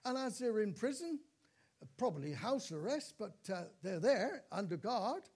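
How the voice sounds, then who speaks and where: High-voiced preacher man, storytelling sermon. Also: big pitch swings, moderate pace, a little mellow, breathy edge. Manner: storytelling with dramatic repeats and exclamations of praise.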